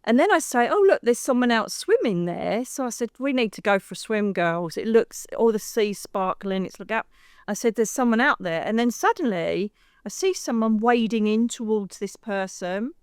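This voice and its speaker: English woman, middle-aged, animated storyteller, clear smooth voice, close dry sound, acts out quoted lines. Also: fairly high pitch, moderate pace, dry recording. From United Kingdom. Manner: lively, acts out quoted voices, says "darling". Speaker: psychic medium guest.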